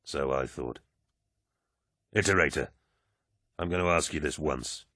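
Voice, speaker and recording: A man voicing a giant male warrior, speaking gravely and in a measured, low way, as an audiobook character voice. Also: bright, forceful tone, dry recording, clean studio sound, exaggerated voice.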